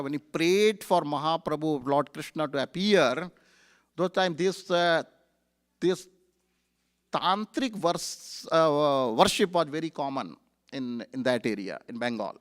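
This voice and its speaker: A man serving as temple speaker shares a sermon story in the temple hall, animated and conversational with lots of fillers. His voice is smooth and a little high.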